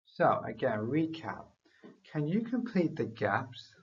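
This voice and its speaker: A man teaching a beginner English lesson, reading drill phrases slowly and deliberately for learners to repeat. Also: medium pitch, sing-song, husky, highs cut off.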